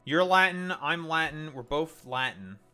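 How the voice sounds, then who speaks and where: A man's voice: a little high, animated, unhurried, sharp tone, clean tone, faint music behind. A man streaming in casual chat, teasing and swearing freely. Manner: crude, teasing, swears a lot.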